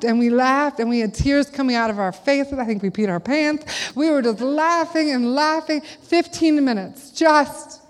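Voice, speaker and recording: Middle-aged woman preacher, animated storyteller, higher register, reverberant church hall. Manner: animated, acts out quotes in a high child voice. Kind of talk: sermon with storytelling. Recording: long reverb of a large hall.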